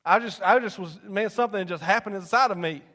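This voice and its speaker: High-voiced man preaching. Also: fast talker. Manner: folksy storytelling, swings from loud to hushed. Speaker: pastor. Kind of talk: sermon testimony.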